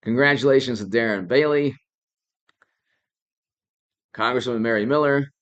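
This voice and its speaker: A man's voice: mid-range voice, normal speed, muffled recording. A man hosting a live political commentary stream, rambling, laughing often and thanking viewers by name.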